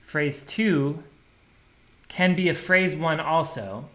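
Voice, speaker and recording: A man walking through a program he wrote, thinking aloud in a relaxed, casual way and scatting drum rhythms. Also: fairly high pitch, slow. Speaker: programmer demonstrating his software. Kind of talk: casual screen-share tutorial.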